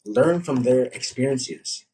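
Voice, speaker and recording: A young man, a coach, chatting casually on a podcast, telling animated stories and acting out what people said. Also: medium pitch, slow, husky, low-quality recording. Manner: animated storytelling, acts out quotes.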